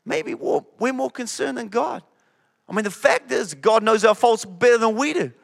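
A man preaching a sermon as campus pastor, conversational and animated, acting out the quotes. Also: very high voice, moderate pace, creaky. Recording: hall reverb.

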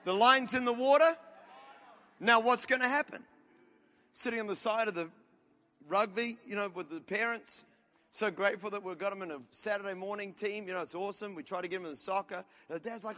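A man preaching a sermon as a pastor, telling loud, animated stories with comic outbursts. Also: high voice, fast.

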